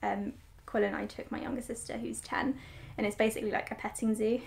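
A woman's voice: a little high, flat delivery, brisk, vocal fry, a little mellow, slightly rough. A young woman chatting casually in a reading vlog about books and her week, with plenty of fillers and asides. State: slightly out of breath after the gym. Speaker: book vlogger.

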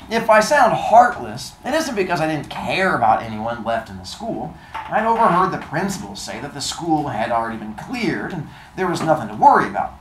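Low-voiced woman reading aloud in class. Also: a little hiss or hum. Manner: chatty, laughs often, plain reading. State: has the hiccups. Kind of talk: classroom read-aloud and discussion. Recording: echoey classroom with children's chatter.

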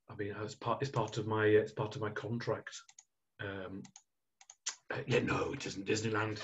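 A man's voice: lowish voice, normal speed, sharp tone. A man presenting a marketing webinar as a quiz, chatty and jokey, teasing his online audience. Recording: dull lo-fi webinar audio.

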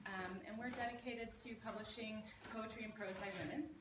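A woman's voice: fairly high pitch, steady tone, fairly quick. A Scottish woman introducing a book as the press editor, chatty and hesitant with many fillers. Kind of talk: casual speech and poetry reading at a book party. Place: bookstore event. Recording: echoey room, distant mic, noisy.

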